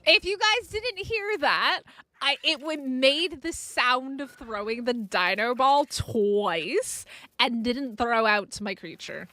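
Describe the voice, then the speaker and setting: Bright, lively high-voiced woman streamer. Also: no room sound. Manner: excitable, quick to exclaim and laugh. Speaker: game streamer. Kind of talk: live gaming commentary.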